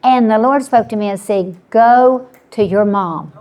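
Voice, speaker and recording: A woman's voice: medium pitch, unhurried, darkish tone. A woman in her seventies, a panelist sharing an earnest personal story with frequent restarts. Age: 70s.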